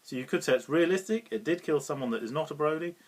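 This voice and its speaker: A man's voice: on the high side, quick pace, husky. A British man giving a casual, rambling film review, often chuckling and restarting his sentences. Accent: British English. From Britain.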